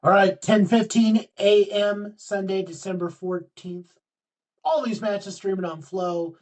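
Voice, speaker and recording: A man's voice: high voice, steady tone, measured pace, distant mic, rough recording. A man co-hosting a rugby podcast, running through match previews in casual chat with plenty of fillers. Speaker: podcast co-host.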